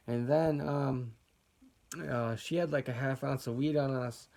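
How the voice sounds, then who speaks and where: A man's voice: mid-range voice, fairly even intonation, a little slow, darkish tone. A young man casually telling a personal story as a vlogger, laid-back and rambling with lots of fillers.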